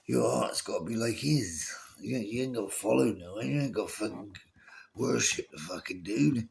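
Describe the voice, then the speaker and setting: A man's voice: lowish voice, moderate pace, creaky, a little mellow. A man delivering a profane, exasperated ranting monologue, often pleading with his listeners. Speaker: video creator.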